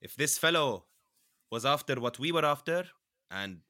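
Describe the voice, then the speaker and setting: A man playing a tabletop game, playful and quick to joke. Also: medium pitch, expressive, bright, forceful tone. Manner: playful, laughing, earnest in-character bits. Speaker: player. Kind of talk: casual chat.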